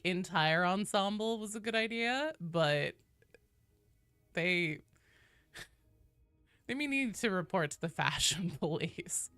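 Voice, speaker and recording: Woman game streamer, lively pitch, playful and profane, reads chat aloud. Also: dry recording. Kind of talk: casual live-stream chat while gaming.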